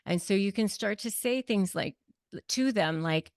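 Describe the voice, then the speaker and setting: A woman's voice: medium pitch, lively intonation, a little slow, no echo, clean studio sound. A woman guest expert giving blunt, emphatic advice in conversation, in a coaching tone.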